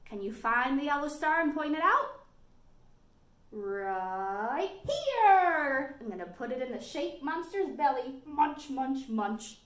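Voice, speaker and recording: A woman librarian hosts a storytime for young children, speaking in a clear, encouraging teacher's voice. She sits on the higher side for a woman and takes her time with each phrase. The sound carries a noticeable room echo. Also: sing-song, slow, a bit bright. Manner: clear, encouraging teacher talk to small kids. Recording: echoey room.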